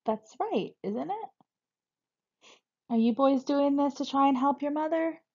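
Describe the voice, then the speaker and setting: A woman reading aloud, voicing a gentle, kind older woman who speaks softly to the robbers. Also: high-pitched, animated, a little slow, muffled recording, pitched above the performer's own voice. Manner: soft, pleading.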